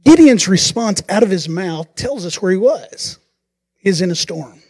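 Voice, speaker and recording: A pastor preaching a sermon, telling the story in an animated way and acting out the quotes. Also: male voice, high-pitched, unhurried, husky.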